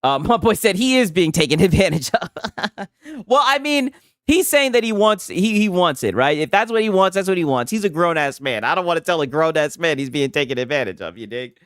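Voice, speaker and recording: Lively mocking male stream host. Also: fairly high pitch, brisk, dry recording, clean studio sound. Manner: loud, laughing, mocking, profane. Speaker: livestream host reacting to clips. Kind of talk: casual reaction commentary.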